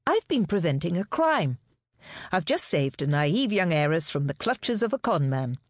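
A woman voicing a bold, cheerful female private detective in an audiobook, with a brisk, sarcastic manner. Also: lowish voice, sing-song, dry recording, clean studio sound. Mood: explaining.

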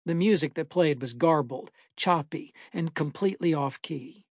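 A man reading a first-person horror story aloud in a measured, dramatic way. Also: on the high side, no room sound, studio quality. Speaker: narrator. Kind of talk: scripted horror story narration.

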